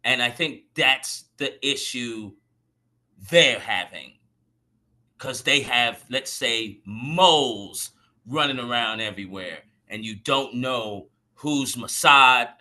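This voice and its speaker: A man sitting in on a podcast panel, talking in a loose, rambling way full of "you know" and "right?" asides. His voice has a very bright, sharp edge. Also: mid-range voice, takes it slowly. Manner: rambling, many fillers like "you know" and "right?", laughs at his own points. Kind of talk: casual panel discussion.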